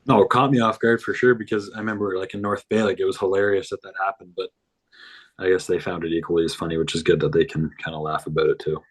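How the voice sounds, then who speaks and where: A young man with a low voice talks as a podcast guest. He rambles in an easygoing, relaxed way, as if chatting with a friend. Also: quick pace, husky, poor audio. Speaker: hockey player guest. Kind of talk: casual interview chat.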